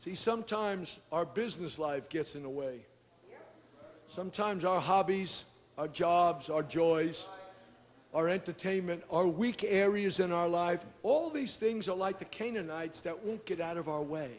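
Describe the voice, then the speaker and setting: A man preaching a sermon as pastor, moving between quiet storytelling and shouted exhortation. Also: high-pitched, unhurried, in a large hall.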